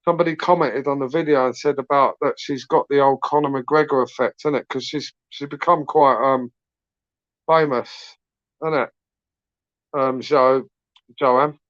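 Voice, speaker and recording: A man's voice: medium pitch, steady tone, normal speed, pauses often, a bit bright, dry recording, dull audio. A British man hosting a late-night live stream, rambling casually, swearing and tagging questions onto his sentences. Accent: British English. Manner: rambling, slangy, swears freely, asks tag questions. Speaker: YouTube channel host.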